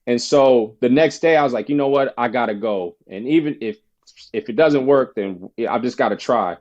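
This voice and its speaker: A man's voice: mid-range voice, normal speed, a little mellow, lo-fi sound. Man telling a story, acting out voices. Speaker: podcast guest, former basketball player. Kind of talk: casual storytelling interview.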